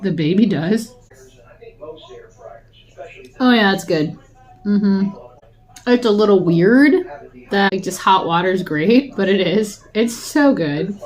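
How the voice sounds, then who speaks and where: Young woman, casual eating vlogger: chatty, rambling, quick to laugh. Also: medium pitch, expressive, darkish tone. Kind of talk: casual talking while eating.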